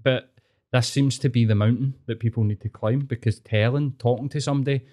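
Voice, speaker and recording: A man's voice: medium pitch, fairly even intonation, brisk, a little mellow. A man with a Scottish accent, talking bluntly and earnestly as a podcast guest in casual chat.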